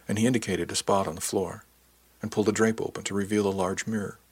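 A man giving a measured, introspective first-person audiobook narration. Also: lowish voice, steady tone, breathy edge, no echo.

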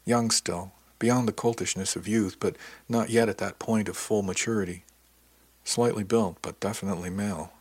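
A man giving a measured, introspective first-person audiobook narration. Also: fairly low pitch, fairly even intonation, breathy edge, no room sound.

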